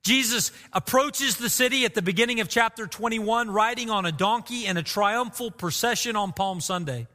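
A man's voice: high-pitched, bright, forceful tone, in a large hall. A man preaching a sermon as pastor, earnest and emotive, repeating phrases for emphasis.

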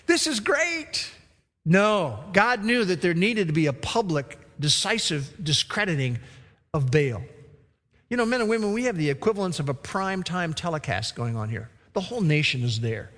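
A man with a high voice preaches to his church. His long reverberating echo fills a large sanctuary. He tells the story with animated energy and briefly acts out the voices he quotes. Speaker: pastor. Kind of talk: sermon.

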